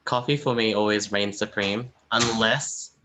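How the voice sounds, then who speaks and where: Male co-host, low voice, short relaxed comments. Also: measured pace, background noise. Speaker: podcast co-host. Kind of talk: casual podcast chat.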